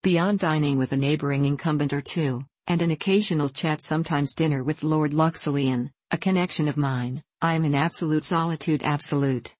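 A woman's voice: low voice, fairly quick, hardly any pauses, darkish tone, no room sound. A woman reading the part of a talkative, proud elderly male vicar in a rambling, self-amused way. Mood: genial.

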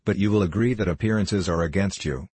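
A man reads as a cool young gentleman, politely contemptuous and dryly witty. His voice is low and husky, recorded close and dry. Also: quick pace, no echo. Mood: sardonic.

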